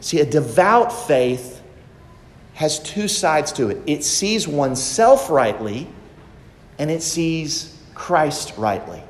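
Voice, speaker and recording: A man's voice: on the high side, lively intonation, slow. A man preaching a sermon as pastor, emphatic and repeating phrases for stress. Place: church sanctuary. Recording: echoey church hall.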